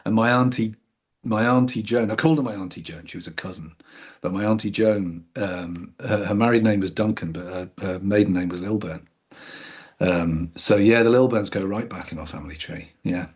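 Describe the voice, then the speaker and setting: Middle-aged guy from newcastle but talks in received pronunciation, kinda husky, easygoing and self-deprecating. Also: lowish voice, moderate pace. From Newcastle, England. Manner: relaxed, self-mocking, laughs often. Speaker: actor guest. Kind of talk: casual chat.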